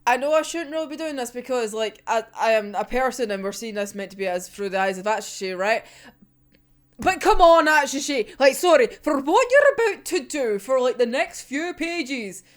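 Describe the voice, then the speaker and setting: A woman hosting a casual manga reaction, ranting excitably, swearing often and laughing a lot. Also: sits high, moderate pace. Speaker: manga reviewer.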